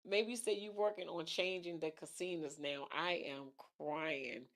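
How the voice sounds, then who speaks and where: Woman, middle-aged, livestream talk host, casual chat, somewhat low voice, repeats phrases. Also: unhurried, fairly bright tone. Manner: chatty, thinks aloud, repeats phrases, laughs easily. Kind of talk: casual livestream chat reading viewer comments.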